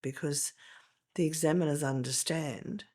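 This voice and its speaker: A woman's voice: deep voice, steady tone, unhurried, a little mellow. Emphatic older woman teaching. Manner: emphatic, teacherly, explains step by step. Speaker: guest, veteran teacher. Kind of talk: podcast interview.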